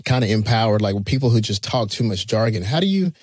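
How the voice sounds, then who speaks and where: A man hosting a marketing podcast, chatty and quick to laugh. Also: lowish voice, animated, darkish tone, no echo. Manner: chatty, laughs at his own jokes. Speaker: podcast host. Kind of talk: casual podcast interview.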